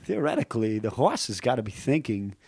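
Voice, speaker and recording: A man's voice: mid-range voice, big pitch swings, fairly quick, darkish tone, breathy edge, no room sound, clean studio sound. Joking man in casual chat. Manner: joking, playful, slips into impressions. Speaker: comedian guest.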